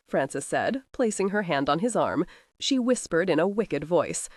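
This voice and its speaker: Narrating an audiobook from a script, a woman uses an expressive storytelling style at a moderate pace. Her pitch leans low, and the recording is studio quality with no room sound.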